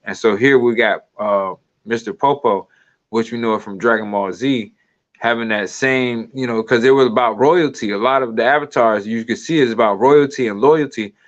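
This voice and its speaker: A man with a medium-pitched voice and moderate pace gives loose, rambling video commentary, breaking into laughter now and then. The audio is dull and lo-fi.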